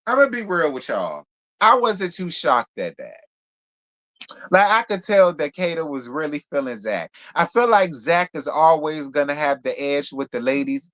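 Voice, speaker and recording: Man, fairly high voice, sassy, blunt live recap. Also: a bit bright. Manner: sassy, blunt, talks straight to viewers. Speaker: reality show reviewer. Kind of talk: live stream recap chat.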